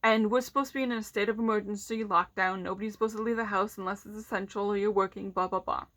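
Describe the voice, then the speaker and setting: A woman's voice: medium pitch, steady tone, fast talker, fairly bright tone. A woman vlogger ranting casually and bluntly, swearing heavily and sounding frustrated.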